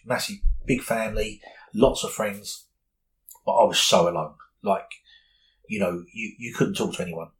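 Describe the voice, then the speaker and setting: A man's voice: on the low side, poor audio. A man, speaking candidly and earnestly as an interview guest, often repeating words as he goes. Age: 40s.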